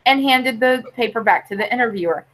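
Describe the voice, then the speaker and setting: A woman's voice: on the high side, animated, a little fast, a bit bright, poor audio. A woman reading jokes aloud to friends on a group call. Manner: reads jokes with quoted voices. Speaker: joke teller on a group call.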